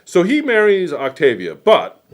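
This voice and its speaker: A man hosting a quilt shop stream, telling a history story in a rambling, animated way with many fillers and asides. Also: high voice, measured pace, slight background noise. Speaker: host.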